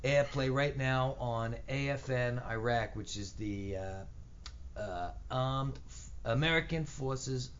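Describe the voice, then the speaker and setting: A man chatting on a radio show in a hesitant, halting way. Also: medium pitch, clean tone, muffled recording. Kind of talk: casual radio chat.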